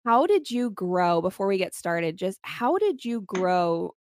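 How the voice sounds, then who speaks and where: A woman's voice: medium pitch, big pitch swings, a little slow. A woman interviewing a guest who encourages him and reacts often with short sounds of surprise. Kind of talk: casual interview.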